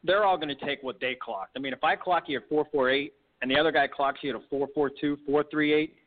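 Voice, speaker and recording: Fast-talking male sports show host on a phone line. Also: a little high, steady tone. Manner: enthusiastic, rambling questions. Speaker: podcast host. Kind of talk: sports interview.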